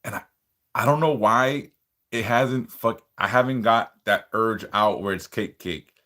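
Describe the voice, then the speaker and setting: A man's voice: lowish voice, measured pace, sharp tone. A man hosting a casual livestream, reading out viewer comments and bluntly warning them with plenty of swearing. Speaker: livestream host, spiritual worker.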